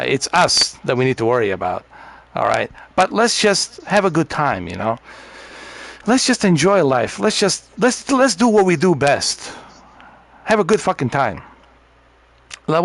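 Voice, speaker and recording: A man's voice: medium pitch, a bit bright, dry recording. A man ranting bluntly and profanely in a casual gaming party chat. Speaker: streamer.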